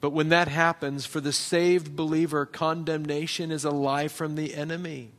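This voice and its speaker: Guy preaching a sermon, kinda high voice, tells stories from his own life. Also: little pitch movement, moderate pace, fairly bright tone. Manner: personal storytelling, asks the congregation questions. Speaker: pastor.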